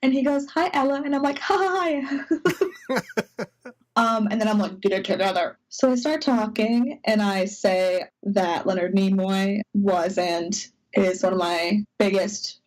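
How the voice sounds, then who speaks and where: A woman on a video call tells a personal story with quick, animated energy. She slips into her own nervous inner voice and sounds on the edge of tears at times. The tone is casual and chatty. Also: mid-range voice, poor audio. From United States. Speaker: podcast cohost.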